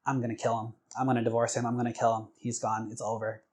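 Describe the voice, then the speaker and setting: A man voicing a young wife who talks in a high, cooing, sing-song way that turns shrill when she is upset. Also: level tone, quick pace, lightly acted. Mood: furious. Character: young wife, sweetly teasing, then furious.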